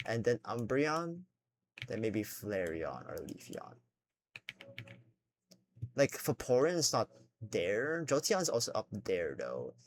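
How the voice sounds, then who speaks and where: A man's voice: mid-range voice, slight background noise. A young man chatting casually while he draws, rambling with lots of fillers and swearing, a little self-conscious. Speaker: drawing vlogger. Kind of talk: casual unscripted talk while drawing.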